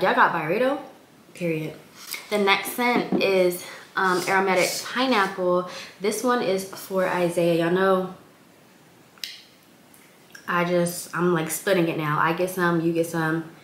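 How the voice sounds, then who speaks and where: Congested young woman vlogger, low-pitched, rambling chat, echoey room. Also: a little hiss or hum. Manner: chatty, rambling, many fillers. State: congested, recovering from illness. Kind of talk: casual vlog chat.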